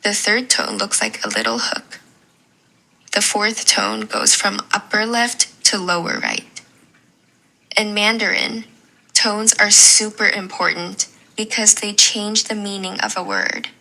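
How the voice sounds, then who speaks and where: Female language teacher, unhurried and encouraging, bright clear voice. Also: medium pitch, expressive, low-quality recording. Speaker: Mandarin teacher. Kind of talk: scripted lesson narration.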